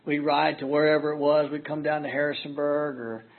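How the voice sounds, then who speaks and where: At a recovery meeting, a middle-aged man shares his personal story earnestly while poking fun at himself. He speaks fairly quickly in a fairly high, level voice, recorded with tinny phone-like sound.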